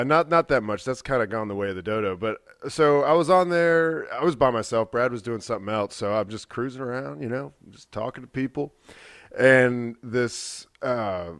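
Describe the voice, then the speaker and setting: A man's voice: mid-range voice, no room sound, studio quality. A young adult man casually telling a long, profane story on a podcast, acting out quoted dialogue. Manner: rambling, profane, animated retelling with quoted dialogue. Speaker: podcast co-host.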